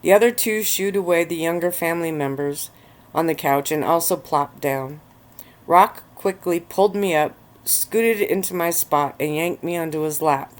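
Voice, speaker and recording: A woman relaxing on a bed of pillows, reading her own story aloud in a relaxed ASMR-style narration. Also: sits low.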